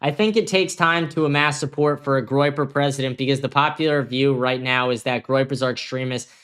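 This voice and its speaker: A man's voice: medium pitch, fairly bright tone, clean tone. Profane, ranting young male streamer. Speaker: host. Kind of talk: livestream commentary reading chat.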